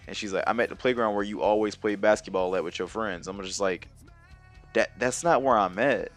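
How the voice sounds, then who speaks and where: A man's voice: on the low side, brisk, faint music behind. A young man telling a personal story in a casual, rambling, slangy way, full of fillers and quoted exchanges. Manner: rambling, slangy, animated retelling with many fillers. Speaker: storyteller vlogger.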